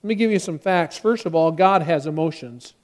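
A man's voice: a little high, a little fast, darkish tone. A man preaching a sermon as pastor, talking directly to his congregation and acting out quotes with rising force.

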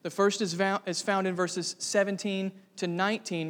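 Male pastor, higher voice, earnest sermon delivery that swells into fervor, hall reverb. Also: flat delivery, normal speed, few pauses, a bit bright. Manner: earnest preaching, rising to fervent emphasis.

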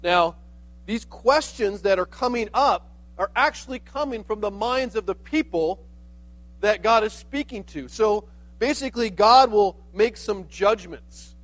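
Pastor, male, higher voice, casual teaching sermon, slight mains hum under the recording. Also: measured pace, fairly bright tone, poor audio. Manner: conversational preaching, explains with "like" asides.

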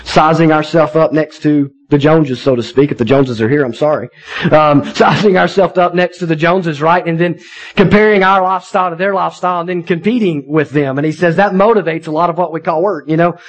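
A man's voice: a little high, fast talker, rough recording. A man in his thirties, a pastor preaching a sermon in a conversational, folksy way, often checking in with his listeners.

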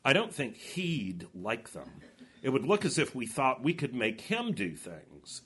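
A man's voice: medium pitch, huge pitch swings, a little slow, fairly bright tone, breathy edge, exaggerated voice. A man reading aloud a curious, eager schoolboy from a storybook.

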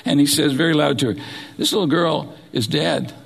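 Middle-aged male pastor, raspy gravelly voice, lively sermon delivery, long hall echo. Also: a little high. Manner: animated preaching, dramatic retelling of scripture. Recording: long reverb of a large hall.

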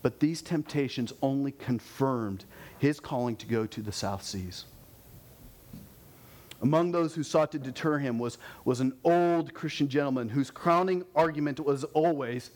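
A man preaching a sermon, animated, his voice climbing with intensity and dropping low to close points. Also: moderate pace.

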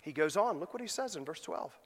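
A man preaching a sermon as pastor, swinging from quiet asides to emphatic, loud peaks. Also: on the high side, lively intonation, fairly quick, long reverb tail.

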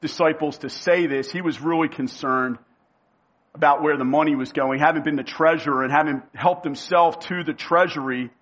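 A male preacher giving a sermon. He speaks emphatically, repeats key phrases and slows down to give them weight. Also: a little high, fairly bright tone, highs cut off.

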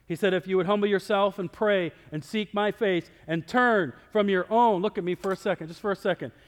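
High-voiced male pastor preaching. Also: a little fast, in a large hall. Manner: conversational preaching with sudden loud and soft swings. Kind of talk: sermon. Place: church sanctuary.

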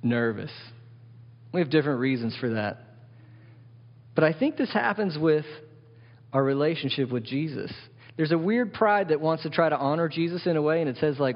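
A man's voice: on the high side, lively intonation, normal speed, pauses often. A man preaching a sermon as pastor, emphatic, often asking the congregation questions. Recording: dull sound with long hall reverb.

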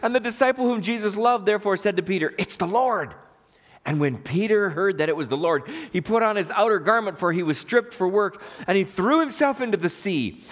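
Man, pastor, sermon, animated storytelling, fairly high pitch. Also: a little fast, hardly any pauses. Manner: animated storytelling, acting out quoted voices.

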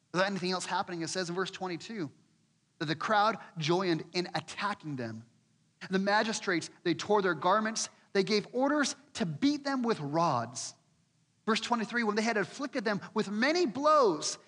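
This pastor's voice sits high, trailed by a long reverb tail. He tells a scripture story in an expressive sermon, acting out what the people in it think and repeating words when he builds momentum.

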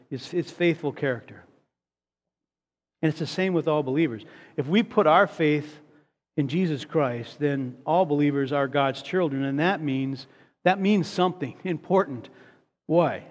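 A man preaching a sermon earnestly, often repeating a word as he builds to a point. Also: on the high side. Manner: earnest, repeats words when stressing a point. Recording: long hall reverb.

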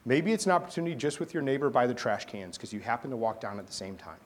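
A male pastor preaching a sermon who tells stories in an animated way, with dramatic pauses. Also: mid-range voice.

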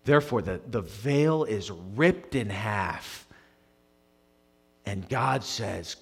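A young adult man preaching a sermon, swinging between loud emphatic passages and hushed quiet ones. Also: lowish voice, animated, drawn-out words, creaky, long pauses, breathy edge. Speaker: pastor.

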